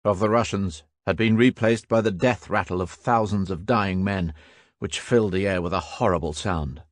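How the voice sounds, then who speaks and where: A man reading a war memoir audiobook as scripted narration, raising his voice for characters' shouts. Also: sits low, normal speed, dry recording.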